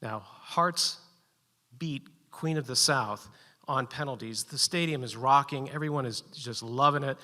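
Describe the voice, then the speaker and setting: A man telling a personal story live at a story slam, animated and building suspense with short, punchy sentences. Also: medium pitch, a little slow, big-room sound.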